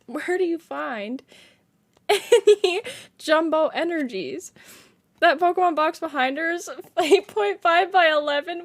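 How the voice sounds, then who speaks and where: Very high-voiced giggly woman streamer. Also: animated, measured pace. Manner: giggly, laughs constantly through her words. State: laughing to tears. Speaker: game streamer. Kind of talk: casual live-stream chat, reading viewer comments aloud. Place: home streaming setup.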